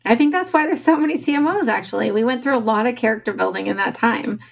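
A woman's voice: on the high side, fast talker, creaky. A middle-aged woman hosting a casual podcast interview, chatty and agreeable with frequent asides. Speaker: podcast host.

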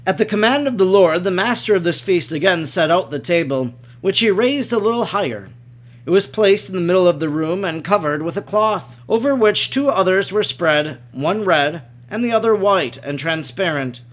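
High-voiced male devotional narrator. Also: animated, moderate pace, fairly bright tone. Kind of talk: scripted narration of a devotional text.

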